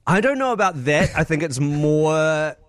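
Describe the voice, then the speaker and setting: A man's voice: on the high side, expressive, measured pace, no echo, clean studio sound. A man with a New Zealand accent co-hosting a casual afternoon radio show, chatty and upbeat. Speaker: radio host.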